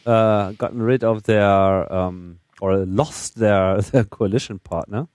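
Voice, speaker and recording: A man's voice: on the low side, takes it slowly, a little mellow, smooth, no room sound. Tired German-accented man, wry. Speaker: podcast co-host. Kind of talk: casual podcast chat.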